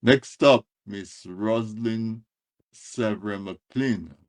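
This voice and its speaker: A man's voice: on the low side, drawn-out words. A man hosting a radio interview, announcing in a friendly way. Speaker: radio host.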